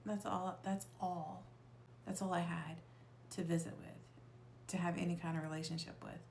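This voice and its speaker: A woman telling a personal story in a confessional way, emotional, often dropping into a hushed whisper and swearing for emphasis. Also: lowish voice, gravelly, slight background noise. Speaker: storyteller sharing a personal experience.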